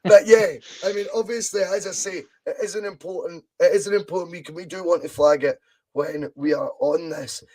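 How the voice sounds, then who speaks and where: A man's voice: high-pitched, fairly even intonation, a little fast, dark tone. A Scottish man hosting a casual live podcast, chatty and laughing often, his voice a bit strained. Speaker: podcast host.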